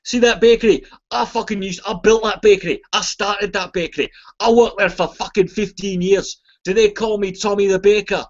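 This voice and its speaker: A grumbling, indignant Scottish man rants with a raised, strained pitch and steady profanity, as a man puts him on for a comedy bit. The audio is dull and muffled, like a low-grade webcam feed. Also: moderate pace, hardly any pauses, close to an everyday voice. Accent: Scottish, put on. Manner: ranting, indignant, heavy swearing. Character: bitter grumbling Scottish man, middle-aged.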